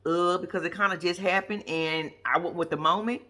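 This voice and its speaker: A woman giving blunt, sassy, profane running commentary as a recap vlog host. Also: brisk. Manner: lively, swoops high for asides.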